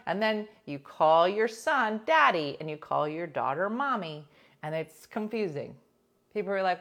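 A middle-aged woman hosting a radio show, chatting casually and telling animated stories. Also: mid-range voice, moderate pace. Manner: animated storytelling, imitates voices in anecdotes. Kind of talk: casual chat.

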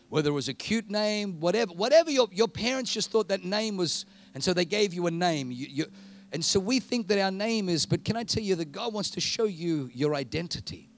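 A male preacher giving a sermon in an animated, comic storytelling manner. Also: sits high, fairly quick. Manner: animated, comic storytelling, jumping between voices.

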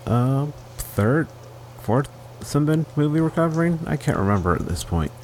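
A man hosting a casual film podcast, talking haltingly with many restarts and fillers. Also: fairly high pitch, big pitch swings, darkish tone, slight background noise. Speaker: podcast host.

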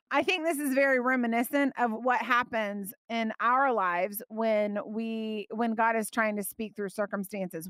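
Woman Bible teacher, higher voice, lively and emphatic, dry close sound. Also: no room sound. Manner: animated, emphatic, laughs often.

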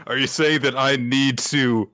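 A man's voice: medium pitch, steady tone, unhurried, sharp tone, dry recording. Dry, sardonic man. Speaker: podcast co-host. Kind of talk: casual chat.

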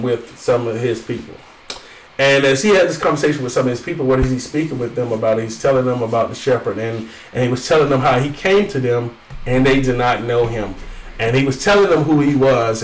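A man preaching a sermon, reading scripture and then praying with repeated calls of "Lord" and "oh God", rising and falling as he stretches out key phrases. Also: a little hiss or hum. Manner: rhythmic prayer, repeating "Lord Jesus" and "oh God"; rises and falls in pitch and volume, drawing out key phrases. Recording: roomy, from a distance.

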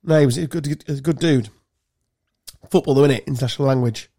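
English bloke on a podcast, chatty, swears a lot, tells stories with loads of energy. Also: male voice, medium pitch, fast talker. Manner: swearing storyteller, animated anecdotes. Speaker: podcast co-host. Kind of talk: casual chat.

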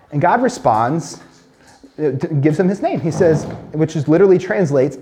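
High-voiced man preaching a sermon. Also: expressive, a little mellow. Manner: earnest, emphatic, slows and drops low when quoting God. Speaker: pastor.

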